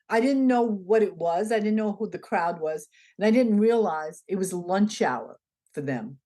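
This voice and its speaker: Woman, interview guest, mid-pitched voice, animated storytelling, acts out the dialogue. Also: normal speed. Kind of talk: conversational storytelling.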